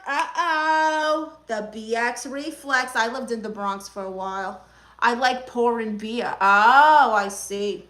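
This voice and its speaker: A young woman with a Brooklyn accent runs a live stream as a comic aunt therapist. She answers viewer comments with sass and teasing. Her voice is bright and slightly high, with a sharp edge. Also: measured pace. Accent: Brooklyn New York.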